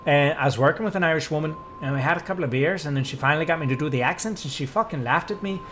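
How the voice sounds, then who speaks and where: A man's voice: on the high side, a little hiss or hum. Profane, ranting American male streamer. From United States. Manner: profane, ranting, gets loud and drawn-out when worked up. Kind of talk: casual live-stream chat.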